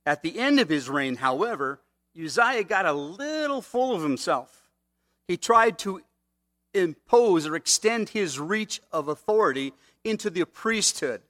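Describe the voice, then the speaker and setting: A man's voice: high voice, big pitch swings, measured pace, a bit bright. Conversational male preacher. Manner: conversational preaching with frequent "okay?" asides. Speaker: pastor. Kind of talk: sermon.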